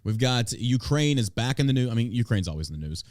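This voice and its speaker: A man's voice: mid-range voice, very animated, fast, a little mellow, no room sound, studio quality. A man hosting a podcast in casual chat, blunt and opinionated, with crude banter. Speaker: podcast host.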